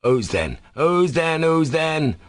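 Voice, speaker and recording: A loutish young clerk, furious and slow on the uptake, who drags out his words and says them again and again, as a man acts him out. He shouts in a raised voice, recorded close and dry. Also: fairly high pitch, very animated, no room sound, pitched above the performer's own voice. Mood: angry. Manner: slow, drawn-out, repetitive shouting. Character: angry dim-witted young clerk, loutish and repetitive.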